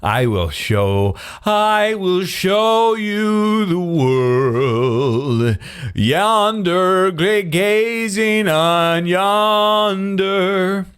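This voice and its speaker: Announcer bit: a man doing a pompous male showman voice, slow and lively, pitched up. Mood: grandiose.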